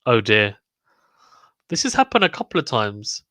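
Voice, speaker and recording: A man's voice: fairly low pitch, sing-song, moderate pace, bright, forceful tone, no room sound, studio quality. A man with a British accent hosting a live watchalong stream, chatting casually and reading viewer comments aloud.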